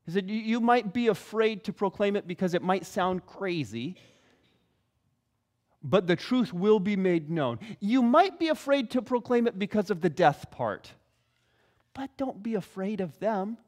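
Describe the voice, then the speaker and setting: A middle-aged man preaching a sermon, telling stories with animated delivery and acting out the voices of others. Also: sits high, a little slow. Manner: animated storytelling, acts out quoted voices. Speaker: pastor.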